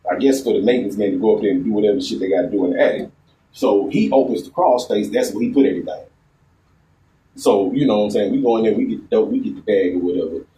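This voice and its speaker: A man's voice: lowish voice, fast, mellow, roomy sound, distant mic, slight background noise, rough recording. A man telling a story in a laid-back, profane, rambling way outdoors. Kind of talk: casual storytime vlog. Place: outdoors in a garden.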